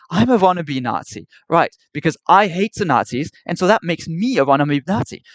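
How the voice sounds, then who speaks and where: A man's voice: a little high, no room sound. A man streaming live, arguing with and ranting at his chat in an exasperated, repetitive way. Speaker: livestreamer.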